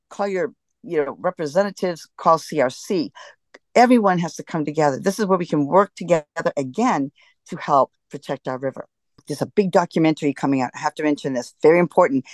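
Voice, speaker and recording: Casting note: low-pitched woman, impassioned interview guest, dry close sound. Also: a little mellow, no room sound. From United States. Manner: frustrated, emphatic, restarts often. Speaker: guest, scuba diver.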